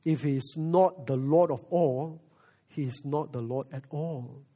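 Preaching man with a fairly high voice. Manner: shifts from quiet, slow reflection to loud, quick emphasis. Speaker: pastor. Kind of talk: sermon.

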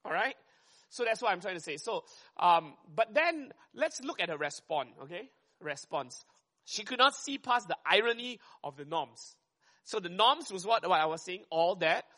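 Man, sermon, high-pitched, bright tone, fast and chatty. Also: animated. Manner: quick and conversational, often checks in with "right?". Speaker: preacher.

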